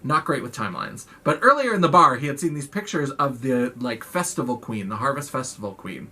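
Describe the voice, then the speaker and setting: Female vlogger, casual and profane film recap, bright forward tone. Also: rumbling low, lively intonation, fairly quick, husky. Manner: chatty, profane, lots of "like".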